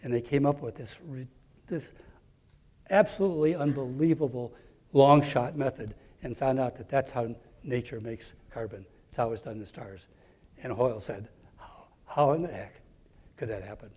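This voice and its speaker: A man with a dark, husky voice presenting a lecture with enthusiasm and casual asides. His words carry a long reverb from the hall. His pitch sits in the middle. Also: moderate pace. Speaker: presenter of a parish lecture series. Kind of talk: live presentation. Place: church hall.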